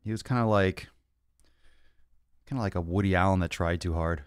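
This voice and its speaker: A man's voice: low voice, moderate pace, clear, resonant tone, dry recording. A young man hosting a fitness podcast livestream Q&A, brash and profane, joking as he answers viewer questions from his home studio. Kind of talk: casual livestream Q&A. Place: home studio with monitors and cameras.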